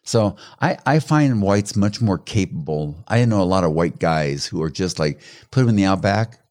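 Deep-voiced middle-aged man telling stories. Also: moderate pace. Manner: animated storyteller, acts out quoted voices; laughs while telling stories. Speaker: guest expert on personality colors. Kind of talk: conversational explaining with anecdotes.

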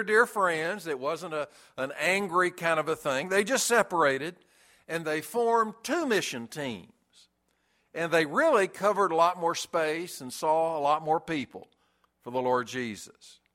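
A male pastor giving a sermon, speaking deliberately with emphatic pauses. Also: on the high side, bright, forceful tone.

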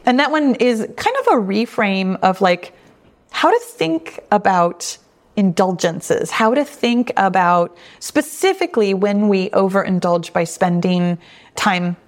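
A middle-aged woman hosts a weight loss podcast, fielding listener questions in a warm, reassuring, conversational way and frequently restating her points. Her medium-pitched voice is animated, and she keeps a measured pace.

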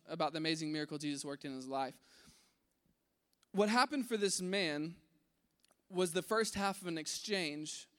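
High-voiced animated young preacher. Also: male voice, big-room sound. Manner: animated, acts out voices in his story, drops to a hush at key points. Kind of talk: casual sermon. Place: large room with an audience.

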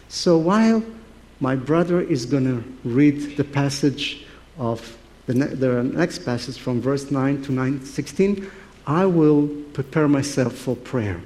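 A man preaching a sermon in an animated, playful storytelling manner. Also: mid-range voice, measured pace, slight background noise.

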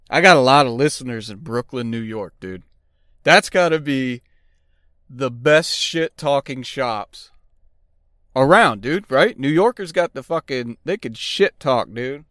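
A man's voice: medium pitch, fairly bright tone, clear, resonant tone, dry recording, clean studio sound. A man in his forties hosting a casual solo podcast, rambling and joking with lots of swearing. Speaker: podcast host, auto technician.

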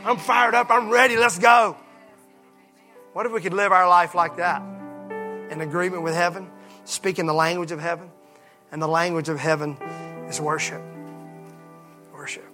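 A pastor preaching a passionate sermon, moving from hushed lines to shouts. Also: male voice, high-pitched.

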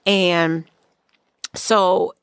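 A woman's voice: fairly low pitch, level tone, extremely slow, creaky, smooth, no echo. Candid middle-aged woman, dry close mic. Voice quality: candid and profane, laughs while telling stories. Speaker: podcast host. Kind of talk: casual storytelling chat.

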